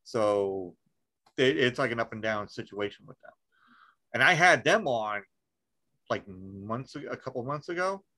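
A man's voice: mid-range voice, animated, measured pace, pauses often, pushed and bright, poor audio. A man hosting a podcast in casual chat, rambling with lots of fillers, restarts and swearing. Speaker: podcast host.

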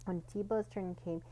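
A woman's voice: on the low side, slight background noise, poor audio. Woman reading a children's picture book. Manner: gentle storytelling, lightly voicing characters. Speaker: storybook reader.

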